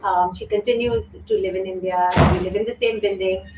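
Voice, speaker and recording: Leading a live yoga session online, this middle-aged host grows tearful and sincere while addressing viewers and reading out their comments. Her mid-range voice is steady and brisk, and the very noisy recording has a roomy echo, a distant mic and faint ambience.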